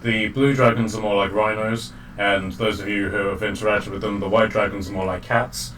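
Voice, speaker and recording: DM type, man, lowish voice, chatty fill-heavy narration, sits back from the mic with faint hiss. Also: flat delivery, moderate pace, a bit bright. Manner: loose, chatty narration with frequent fillers and laughs. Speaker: dungeon master. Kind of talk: narrating a tabletop game. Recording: distant mic with faint background noise.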